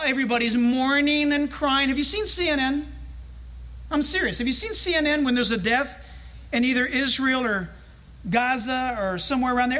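A male pastor preaching a sermon in a church, animated and humorous, acting out scenes as he tells them. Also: very high-pitched.

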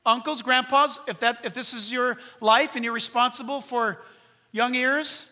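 A man with a very high, bright voice preaches a lively sermon. He acts out other people's voices in sudden high shouts. His voice carries a long hall reverb. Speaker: pastor.

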